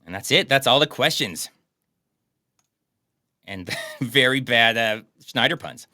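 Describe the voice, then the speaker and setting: A man's voice: mid-range voice, animated, takes it slowly, sharp tone, dry recording, studio quality. A man co-hosting a casual podcast, bantering and joking about a movie. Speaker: podcast co-host. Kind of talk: casual chat.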